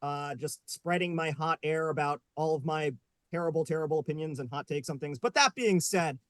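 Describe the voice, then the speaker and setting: A man's voice: a little high, brisk, fairly bright tone, no echo. A man hosting a live online panel show, upbeat and joking, with many fillers. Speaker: host. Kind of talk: casual live panel chat.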